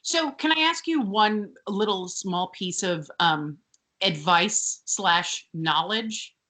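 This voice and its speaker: A woman co-hosting a casual TV recap podcast, animated and sweary, often mimicking characters. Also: medium pitch, slow. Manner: animated, sweary, mocking voices. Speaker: podcast co-host.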